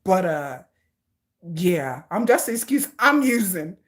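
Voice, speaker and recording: A woman's voice: on the low side, big pitch swings, slow pace. A woman vlogger chatting casually with her viewers, playful and laughing often.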